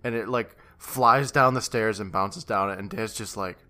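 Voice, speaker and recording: A man's voice: on the low side, steady tone, normal speed, sharp tone. A man co-hosting a podcast, chatting casually and laughing with dry asides. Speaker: podcast co-host. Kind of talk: casual chat.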